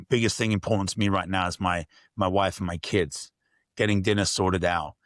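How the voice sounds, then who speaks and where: A man's voice: low voice, fairly even intonation, a little fast, no echo, studio quality. A man, talking as a podcast guest in a candid, reflective way. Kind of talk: casual interview storytelling.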